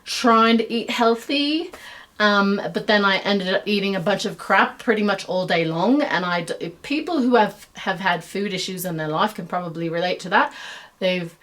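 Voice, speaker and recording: At a moderate pace, a woman with a mid-range, fairly bright voice hosts her own web series. She's a middle-aged American faking an Australian accent, chattering through a rambling stream-of-consciousness monologue full of fillers and self-deprecating remarks.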